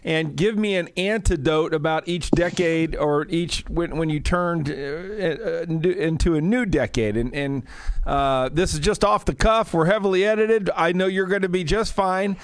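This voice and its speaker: A man's voice: on the high side, unhurried, smooth, no echo. A man hosting an interview podcast, talking casually and enthusiastically, with some filler words. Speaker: podcast host.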